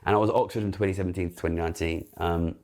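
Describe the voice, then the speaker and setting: A man's voice: sits low, fairly even intonation, rapid-fire, a little mellow. A man in his thirties telling his own story candidly, rambling and self-deprecating, with casual swearing. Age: 30s. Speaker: interview guest in a played clip. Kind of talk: candid recollection.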